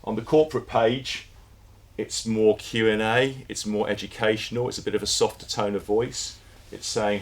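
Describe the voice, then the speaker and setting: A man's voice: on the low side, flat delivery, moderate pace. A man giving a conversational conference presentation to an audience, with fillers and repeated words. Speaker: conference speaker. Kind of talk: presentation talk.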